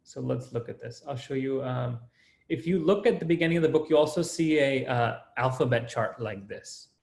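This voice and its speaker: A man's voice: mid-range voice, moderate pace, vocal fry, a little mellow. Man teaching an online class, echoey room. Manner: explaining step by step, checking in with "right?" and "okay?". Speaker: Sanskrit teacher.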